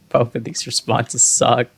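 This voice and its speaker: A man giving relaxed, slangy, self-amused commentary while playing a video game. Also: medium pitch, creaky, husky. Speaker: game streamer. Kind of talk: casual let's-play commentary.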